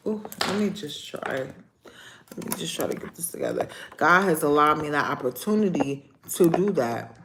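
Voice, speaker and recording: A young adult woman, hosting a casual livestream and ranting to her viewers in a sassy, animated way. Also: low voice, background noise. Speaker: livestream host. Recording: echoey room.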